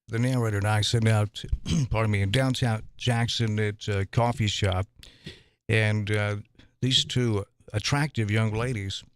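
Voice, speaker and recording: Brief: lower-pitched man, mayoral candidate, halting folksy storyteller, dry studio sound. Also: clear, resonant tone, dry recording. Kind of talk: conversational debate on radio. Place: radio studio.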